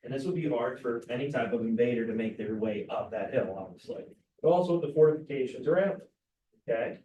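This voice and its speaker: A man's voice: mid-range voice, a little fast, warm tone, lo-fi sound. A male teacher giving a casual classroom lecture, often checking in with "right?". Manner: casual, keeps asking "right?". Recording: roomy classroom, mic far off.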